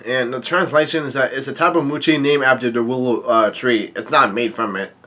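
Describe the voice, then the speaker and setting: A man casually reading a manga aloud and commenting on it, halting often with fillers and restarts. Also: medium pitch, fairly even intonation, pushed and bright.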